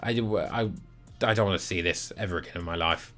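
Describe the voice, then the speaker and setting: A man's voice: low voice, a little fast, fairly bright tone, soft background music. A man casually reviewing football kits, blunt and sarcastic with lots of swearing. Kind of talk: casual rating vlog.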